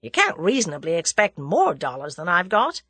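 A woman's voice: lowish voice, wildly swooping pitch, normal speed, a bit bright, no echo, heavily acted. A woman reading an audiobook, voicing an earnest young American man who talks in a persuasive way.

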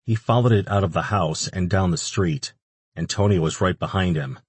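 A man reading an audiobook in steady, even scripted narration, recorded close on a studio mic. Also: low voice, normal speed, breathy edge, no room sound.

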